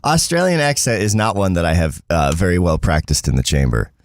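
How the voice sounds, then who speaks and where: A man's voice: deep voice, brisk, dry recording. A man hosting a live show, chatting casually, reading viewer comments aloud and laughing often. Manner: animated, laughing often, reads chat aloud. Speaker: show host.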